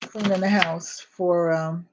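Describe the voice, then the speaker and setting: A woman's voice: fairly low pitch, fairly even intonation, slow. An older woman talks casually to her live viewers while she cooks in her home kitchen. She rambles from topic to topic and greets people by name. A faint hiss of noise sits under her voice. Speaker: home vlogger. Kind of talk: casual live-stream chat while cooking.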